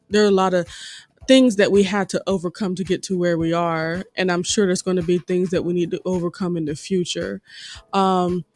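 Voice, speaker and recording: A woman's voice: fairly low pitch, darkish tone. Chatty woman co-hosting a podcast. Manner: chatty, laughs easily, many fillers. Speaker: podcast co-host. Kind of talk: casual conversation.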